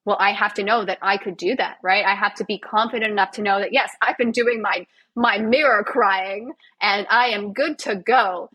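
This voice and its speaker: A woman's voice: mid-range voice, normal speed, hardly any pauses, a bit bright, breathy edge, rough recording. A woman, a physiotherapist and actor, guesting on a podcast in casual, self-mocking, sarcastic chat.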